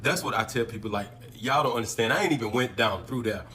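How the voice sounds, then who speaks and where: Man retelling a heated personal story, expressive and profane. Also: mid-range voice, quick pace, breathy edge. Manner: emotional, profane, acts out quoted lines. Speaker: storyteller in a social media clip.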